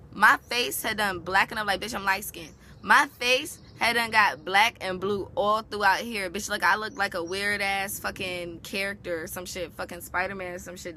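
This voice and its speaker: A young woman spins a casual storytime for her vlog, and her voice comes across bright and forward. Her telling is animated and loaded with slang and swearing. Her pitch sits mid-range for a woman. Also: slight background noise. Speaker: vlogger.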